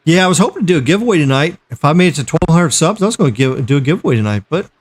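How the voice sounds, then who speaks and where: A man's voice: fairly high pitch, big pitch swings, racing, breathy edge. A man hosting a tech livestream in casual chat, joking and reading out viewer messages.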